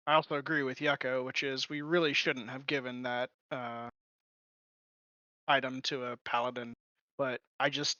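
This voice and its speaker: A man's voice: medium pitch, level tone, moderate pace, pushed and bright, dry recording, lo-fi sound. A man leading a gaming guild's raids, talking earnestly in casual voice chat and taking the blame on himself. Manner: earnest, self-blaming. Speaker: guild raid leader.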